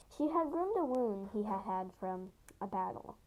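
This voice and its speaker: A young woman reading her own fan story aloud, halting now and then to correct herself. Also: mid-range voice, animated, mellow, low-quality recording. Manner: halting amateur reading with restarts. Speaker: fan audiobook reader.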